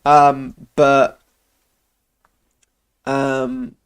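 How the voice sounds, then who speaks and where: A man's voice: medium pitch, monotone, very slow, clear, resonant tone. A man hosting a casual live reaction to a film trailer, rambling and hesitant with self-deprecating asides.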